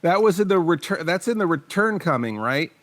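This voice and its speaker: A man's voice: high-pitched, expressive, fairly quick, a bit bright. A man hosting a comedy podcast, talking in a chatty way, often laughing and restarting his sentences. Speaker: podcast host. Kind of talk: casual podcast chat.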